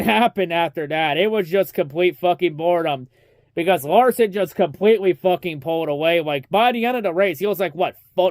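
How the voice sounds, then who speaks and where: A man's voice: high-pitched, no room sound, studio quality. A young man giving a casual, profanity-heavy race recap, ranting and mocking as he talks. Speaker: racing recap vlogger.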